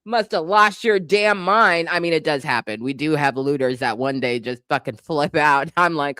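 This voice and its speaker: A woman hosting a live stream in casual chat, laughing often and breaking into loud exclamations. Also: low voice, moderate pace, hardly any pauses, no room sound, studio quality. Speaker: livestream host.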